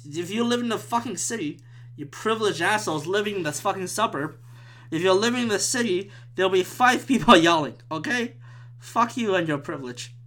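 A man with a bright, sharp voice rants through a solo podcast from a room at home. He swears freely and swings between loud outbursts and hushed, muttered whispers. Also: high voice, lively intonation, brisk. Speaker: podcast host and stand-up comedian. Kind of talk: rambling solo podcast rant.

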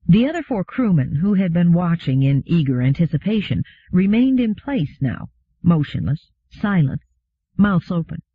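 A man narrating an audiobook in a steady, even reading. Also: sits high, moderate pace, slightly rough, no echo. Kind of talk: scripted narration. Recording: phone-like narrow sound.

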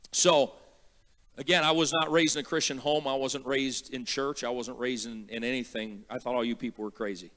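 A man preaching as a guest pastor, emphatic and repetitive, slowing down to spell out words and building to loud praise. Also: mid-range voice. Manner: repeats words slowly for teaching. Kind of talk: sermon.

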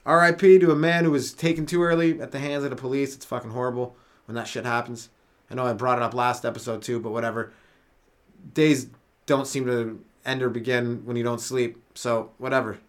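The delivery is flat and brisk in a mid-range male voice. A Canadian comedy podcaster working solo on too little sleep, he rambles loosely, curses frequently, and laughs at his own jokes.

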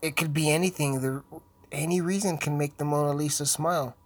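A young man who is high, rambling through casual commentary while swearing and joking constantly. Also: steady tone, brisk. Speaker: video host.

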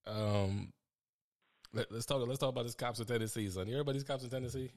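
A man's voice: mid-range voice, fast, a little mellow. A man co-hosting a podcast, telling stories in a loose, slangy, casual way. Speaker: podcast co-host. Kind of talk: casual chat.

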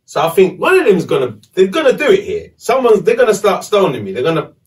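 Brief: man, podcast host, fairly high voice, animated, foul-mouthed storytelling, distant mic. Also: quick pace. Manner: animated, swearing, slangy. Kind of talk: casual storytelling.

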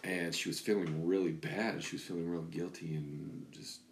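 A man's voice: low-pitched, fairly even intonation, normal speed, gravelly, slight background noise. A man chatting casually as a podcast co-host, rambling with restarts as he tells jokey family stories. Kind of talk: casual chat. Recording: echoey room.

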